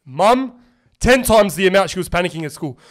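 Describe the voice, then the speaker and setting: A podcast co-host, a young adult man, swaps animated stories with plenty of swearing during a casual chat. He talks a little quickly, in a high voice.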